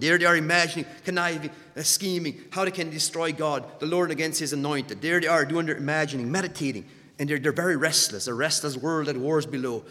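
A man preaching a sermon who stumbles over repeated words and surges louder on key points. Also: on the high side, in a large hall.

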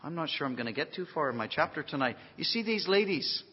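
A man preaching a sermon, swinging from quiet folksy asides to emphatic near-shouts, with self-deprecating humor. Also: fairly high pitch, animated, fast talker, breathy edge. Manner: emphatic, rising to near shouts on key phrases. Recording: dull lo-fi recording in a long-reverb hall.

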